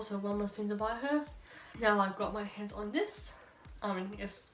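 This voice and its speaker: A young Australian beauty vlogger, slightly tipsy, rambles cheerfully to herself in a get-ready-with-me chat, her pitch in an ordinary middle range. She's in her bedroom under a ring light, filmed on a phone camera at some distance, giving her voice a roomy echo.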